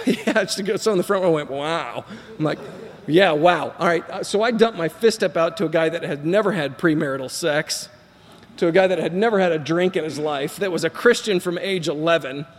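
His voice sits on the high side and moves fairly quickly, trailing a long reverb. He's a middle-aged Texan recounting his recovery to a group, wandering through the story, voicing other people's lines, and joking at his own expense.

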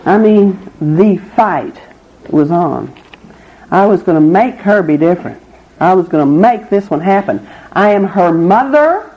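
A middle-aged woman at a recovery meeting tells her own story in an unhurried, mellow voice, candid and wry and laughing through hard memories. It's a personal testimony on a muffled, low-fidelity recording.

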